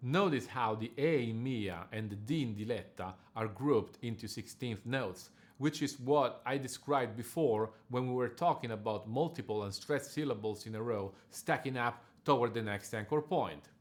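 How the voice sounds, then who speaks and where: A man coaching singers in diction, giving a scripted lesson with measured, precise explanations. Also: medium pitch. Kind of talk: scripted instructional narration.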